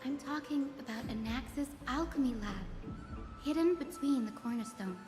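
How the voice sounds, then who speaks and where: An actress playing a young female guide in a game, telling lore in a soft, earnest manner. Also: sits high, moderate pace, lightly acted. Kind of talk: game dialogue. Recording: roomy game audio with music behind.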